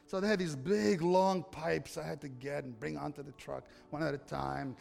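A man's voice: a little high, fairly even intonation, normal speed, gravelly, darkish tone. A male pastor preaching a sermon, telling a personal story and acting out the dialogue before building to impassioned appeals to the congregation. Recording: long hall reverb with faint music.

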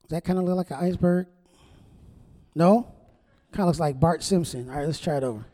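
A man preaching a sermon as a pastor, conversational and animated, acting out the quotes he reads. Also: on the high side, brisk, long reverb tail.

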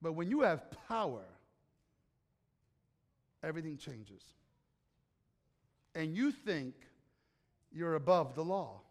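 A man with a notably high voice preaches a sermon, chatting and joking with his listeners and quizzing them as he goes. His words ring out with a long reverb, as if heard in a big hall. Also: very animated, slow pace, long pauses. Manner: conversational, joking, quizzes the congregation. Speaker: pastor.

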